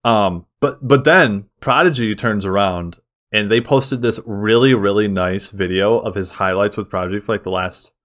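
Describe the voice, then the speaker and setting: A man co-hosting a sports podcast in casual chat, excitable and full of fillers. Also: on the low side, normal speed. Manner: excitable, uses lots of fillers. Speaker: podcast co-host.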